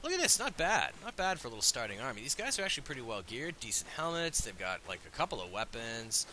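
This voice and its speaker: A man hosting a let's play, with jokey, excitable commentary. His voice is very bright and forward, and his pitch jumps around a lot. He swings quickly between asides and cheers. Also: slight background noise. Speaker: gaming host.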